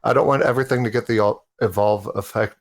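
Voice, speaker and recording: A man on a casual podcast panel speaks in a somewhat low voice. His talk is laid-back and rambling, full of ums and restarts. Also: steady tone, quick pace, vocal fry.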